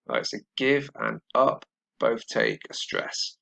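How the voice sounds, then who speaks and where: Male English teacher, slow and gravelly with a bright edge, patient explainer who keeps asking "right?". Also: mid-range voice, very animated, rough recording. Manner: explains slowly, often adds "right?" and "all right?". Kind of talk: grammar lesson.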